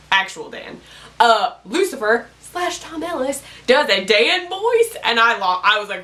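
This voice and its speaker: A woman chatting excitedly through a recap of a TV episode, rambling fan-style with lots of asides. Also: fairly high pitch, normal speed, poor audio. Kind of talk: casual TV recap.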